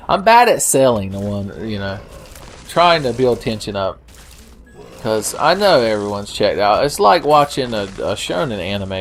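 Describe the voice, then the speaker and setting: A man's voice: fairly low pitch, slight background noise. Rambling, joking male gamer. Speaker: let's play host. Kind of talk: gameplay commentary.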